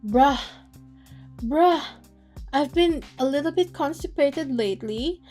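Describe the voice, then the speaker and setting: A woman's voice: high-pitched, expressive, slow, a little mellow, soft background music. A woman voicing an old male teacher who rambles through a slangy complaint. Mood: weary.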